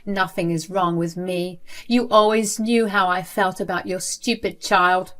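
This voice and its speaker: A woman voicing a cold, contemptuous older grandmother who runs a school, in a lowish voice. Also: fairly even intonation, unhurried, a bit bright. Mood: scornful. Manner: contemptuous and dismissive.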